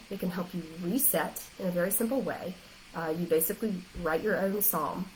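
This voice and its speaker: A woman's voice: lowish voice, slight background noise, low-quality recording. Earnest woman coach speaking straight. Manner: earnest and direct, emotional. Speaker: life coach. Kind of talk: faith-based encouragement talk.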